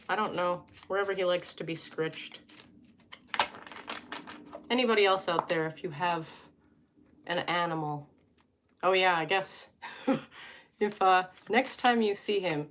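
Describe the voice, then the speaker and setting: A woman's voice: fairly low pitch, noisy background. A young woman hosting a casual live stream from home, reading tarot cards and chatting with viewers, joking and wandering off into asides.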